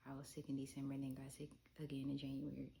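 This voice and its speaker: A young woman with a low voice talks straight to her camera, confiding and frank. She keeps it loose and personal and swears casually. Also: monotone, very fast, vocal fry, dark tone. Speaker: vlogger. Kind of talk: candid talk to camera.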